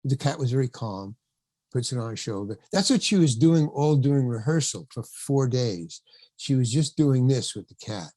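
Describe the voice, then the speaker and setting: There's no echo as an older actor, interviewed as a podcast guest, tells a rambling story from backstage, playing out the quotes, laughing often and swearing now and then. His mid-range voice is expressive and warm, at a normal speed.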